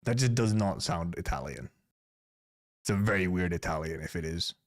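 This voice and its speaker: Speaking at a moderate pace with lively intonation, this man's voice sits low, and faint music can be heard behind him. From Finland, he streams casual live commentary while reviewing game content, rambling and restarting his words as he goes.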